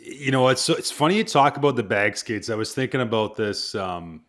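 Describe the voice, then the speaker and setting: A man's voice: mid-range voice, expressive, moderate pace, fairly bright tone. A man hosting a coaching podcast, a chatty storyteller who pokes fun at himself. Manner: chatty, self-deprecating storyteller. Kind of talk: casual interview.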